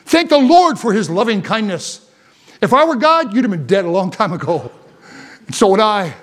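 A man preaching a Baptist sermon, folksy and earnest, with stammering restarts and swings between loud exhortation and hushed asides. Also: high-pitched, big pitch swings, normal speed.

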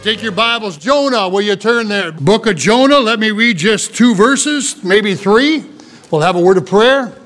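A middle-aged pastor preaching a sermon. He has a high-pitched voice. His delivery is earnest and emphatic, and he hammers points home through repetition. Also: expressive, measured pace, fairly bright tone.

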